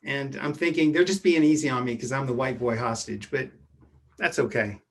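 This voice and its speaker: A man telling a true personal story from his youth, in a measured way that often drops to a hushed voice. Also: mid-range voice. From Edwardsville, Illinois.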